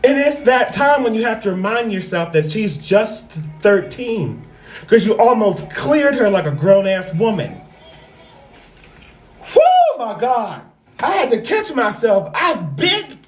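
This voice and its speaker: A woman with a high voice tells a story casually on a livestream, her pitch jumping all over as she gets animated. She repeats lines for punch and curses without holding back. The sound is roomy, with echo around the voice. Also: measured pace, faint music behind. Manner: animated, repeats phrases for effect, swears freely. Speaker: livestream host.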